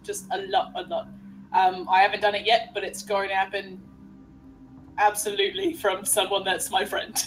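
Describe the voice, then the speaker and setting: A woman chatting casually out of character during a tabletop game, laughing a lot, swearing freely and filling pauses with ums, a bit tipsy from beer. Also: medium pitch, monotone, a little hiss or hum, poor audio.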